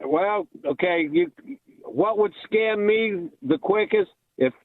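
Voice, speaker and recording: A male caller rings in to a radio show and rambles in halting bits. His voice sits high and comes through a tinny phone line. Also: dry recording.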